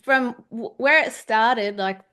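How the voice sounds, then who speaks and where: A woman's voice: fairly high pitch, takes it slowly, bright, forceful tone. A woman with an Australian accent hosting a podcast, chatting casually with a guest, laughing often and trailing off with fillers. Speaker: podcast host. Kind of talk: casual chat.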